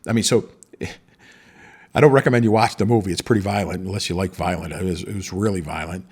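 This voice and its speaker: A man's voice: deep voice, fast, husky. A middle-aged man hosting a podcast, talking in a rambling monologue with many restarts. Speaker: podcast host. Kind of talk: casual monologue.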